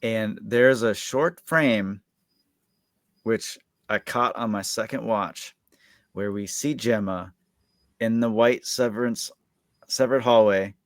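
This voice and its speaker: Low-voiced man recapping casually. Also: takes it slowly, long pauses, dry recording, studio quality. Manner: rambling, heavy use of filler words. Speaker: podcast co-host.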